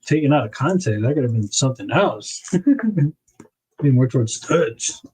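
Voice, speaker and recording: An animated man with a medium-pitched, slightly mellow, husky voice speaks at a moderate pace over poor audio. He's a livestream host casually narrating as he packs things up, rambling and correcting himself with small laughs.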